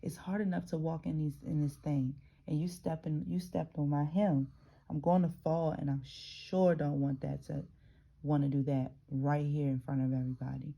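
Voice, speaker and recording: A woman voicing a tense, bossy young female singer in a read-aloud memoir, in her own low, gravelly voice. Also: steady tone, normal speed, mellow. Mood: irritated.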